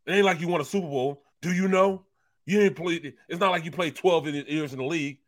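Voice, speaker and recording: A man's voice: a little high, fairly quick, pitched above the performer's own voice, natural voice. A man voicing a mocking male producer who taunts a colleague. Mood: taunting.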